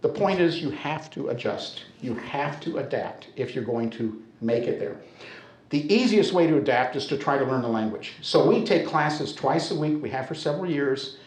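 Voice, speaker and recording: A man's voice: medium pitch, lively intonation, moderate pace. American storyteller man in an echoey hall. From United States. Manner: conversational and humorous. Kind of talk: told personal story before a live audience.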